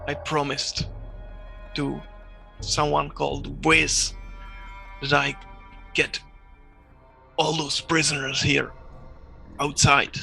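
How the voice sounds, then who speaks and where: Gravelly, bright-voiced male player. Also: on the high side, monotone, faint music behind. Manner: halting, non-native phrasing. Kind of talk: casual tabletop play.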